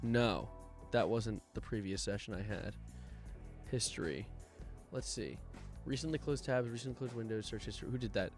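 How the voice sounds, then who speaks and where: A young man live streaming, chatting casually, joking around and reading out donations in an animated way. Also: on the low side, moderate pace, long pauses, soft background music. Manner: jokey, animated, reads donations aloud. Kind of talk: casual livestream chat.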